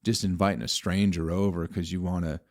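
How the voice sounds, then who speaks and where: A man with a somewhat low voice tells a meandering story on his podcast. He swears freely and keeps turning to his listeners with exasperated asides, in the loose manner of a stand-up comic. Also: flat delivery, brisk. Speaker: comedian podcast host. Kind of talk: rambling comedic storytelling.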